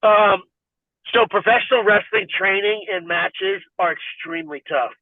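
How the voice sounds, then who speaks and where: A man guesting on a podcast, talking in an animated, rambling way with lots of "like." His voice sits high for a man and sounds dry and tinny, as if over a phone line. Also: a little slow, no echo. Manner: rambling and animated, heavy filler "like". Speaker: podcast guest, fighter and wrestler. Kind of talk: casual interview chat.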